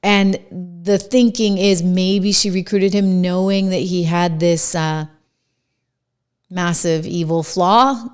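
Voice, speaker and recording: A middle-aged woman host with a New Hampshire accent, giving emphatic, conversational political commentary to camera with quick asides. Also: on the low side, fairly even intonation, smooth.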